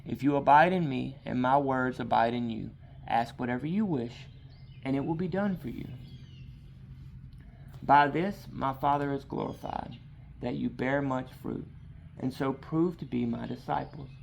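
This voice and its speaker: A man's voice: mid-range voice, unhurried, vocal fry, slight background noise. A man preaching an informal sermon outdoors, talking in a loose, conversational way with frequent asides. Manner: conversational, rambling, frequent "all right". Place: outdoors in a yard.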